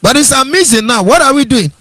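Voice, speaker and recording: A man's voice: very high voice, lively intonation, fairly quick, bright, forceful tone, no room sound. A Nigerian man giving an impassioned political monologue, rhetorical and mocking in tone. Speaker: political commentator.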